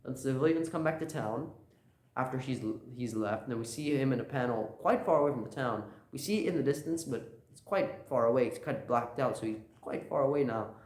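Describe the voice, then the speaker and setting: A man's voice: medium pitch, fairly quick, darkish tone. A man casually recapping a comic chapter, loose and rambling with lots of filler words. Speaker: channel host. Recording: roomy echo.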